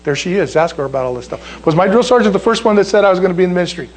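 Pastor, man in his 60s, high-pitched, animated emphatic sermon storytelling. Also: racing. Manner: animated, emphatic, rises sharply when stressing a point.

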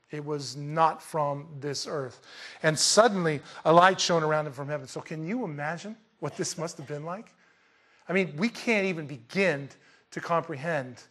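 Male preacher, slightly high voice, animated, colloquial, emphatic bursts, Bible teaching sermon. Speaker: pastor.

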